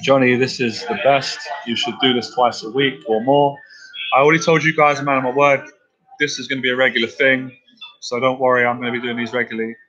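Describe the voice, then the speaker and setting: Bright-voiced earnest man on a live stream. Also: medium pitch, level tone, fairly quick, lo-fi sound. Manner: earnest and direct, addressing viewers as guys. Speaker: dating coach.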